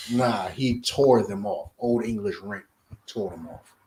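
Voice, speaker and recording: A man with a New Jersey accent teaching scripture in an emphatic, profane style, swinging between loud outbursts and low asides. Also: a little hiss or hum, rough recording. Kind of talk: street preaching lesson.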